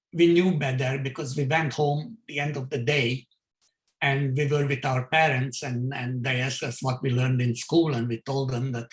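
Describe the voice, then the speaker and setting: An older man from Hungary giving his survivor testimony, speaking haltingly with many fillers and restarts. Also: mid-range voice. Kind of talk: testimony in a video call talk. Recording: roomy echo.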